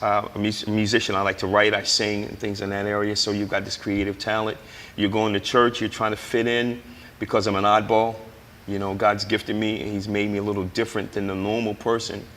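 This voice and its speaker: A man's voice: fairly low pitch, flat delivery, a little fast, a bit bright, long reverb tail, slight background noise. A man, a guest, telling his recovery testimony in an emphatic, preacher-like way and acting out the dialogue he quotes. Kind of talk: personal testimony in conversation.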